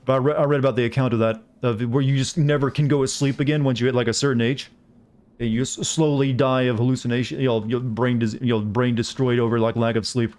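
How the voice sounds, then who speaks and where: A man's voice: medium pitch, steady tone, quick pace, a little mellow. A man with a Southern US accent chatting casually while he streams a game, rambling as he answers his chat. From Southern United States.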